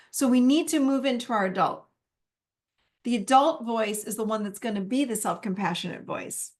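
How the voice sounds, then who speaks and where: A woman teaching a live masterclass in a conversational way, acting out the little inner dialogues she has with herself. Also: on the high side. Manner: warm, conversational, acts out her own inner dialogue.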